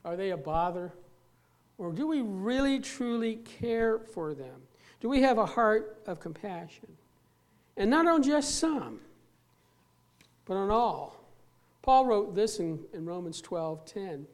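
Pastor preaching, earnest and emphatic, mid pitch, drags out key words, repeats bits. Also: expressive, takes it slowly, pauses often. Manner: repeats and restarts phrases while preaching. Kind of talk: sermon.

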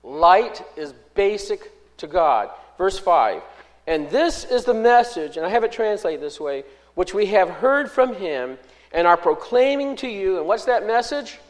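High-voiced, slow preaching man. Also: sing-song, low-quality recording. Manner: measured and emphatic, repeats key words, quiet in prayer. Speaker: pastor. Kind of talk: expository sermon.

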